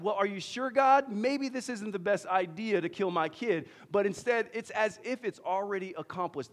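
Animated pastor in a reverberant hall. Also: male voice, a little high. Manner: animated preaching, swings from loud emphasis to hushed storytelling. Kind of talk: sermon. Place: church hall. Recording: long church-hall reverb.

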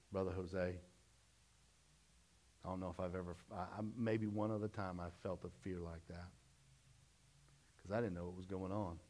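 Middle-aged man, pastor giving a sermon; lower voice, folksy testimony, dynamic swings. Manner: folksy storytelling testimony, swings from loud to hushed.

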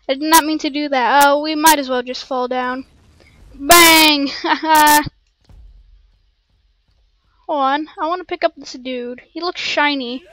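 A woman casually commentating her gameplay in an excitable, rambling way, full of playful slang, on a cheap home mic. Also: high voice, dry recording. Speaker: gameplay streamer. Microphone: cheap desk mic.

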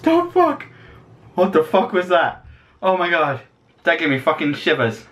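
A man's voice: a little high, huge pitch swings, unhurried, a bit bright. A man commentating his own horror game playthrough, jumpy and swearing, yelping when startled. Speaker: gaming video host. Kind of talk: let's play commentary.

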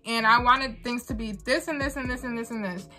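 Bright-voiced earnest young woman vlogger. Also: a little high, fairly quick, faint music behind. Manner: earnest, repeats phrases for emphasis. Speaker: vlogger and small business owner. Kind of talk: candid talking-head vlog.

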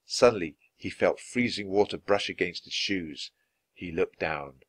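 A man reading a children's book aloud, clear and expressive, at an easy pace for learners. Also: deep voice, unhurried. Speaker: storybook reader.

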